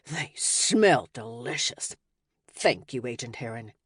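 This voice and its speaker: A woman's voice: very deep voice, animated, slow, a bit bright, breathy edge, no echo, studio quality, voice pushed down, heavily acted. A woman voicing a courteous male gnome who keeps a magical subway station. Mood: polite.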